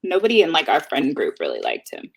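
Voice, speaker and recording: A woman co-hosts a casual nostalgic chat, cutting in with dry, teasing quips. Her pitch swings widely as she talks. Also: wildly swooping pitch, fast, vocal fry, breathy edge. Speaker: podcast co-host.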